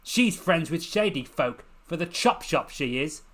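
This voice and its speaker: A man's voice: a little high, lively intonation, unhurried, a bit bright, voice pushed up. A man voicing a small sour female dragon-like urchin who hisses and strains to sound haughty.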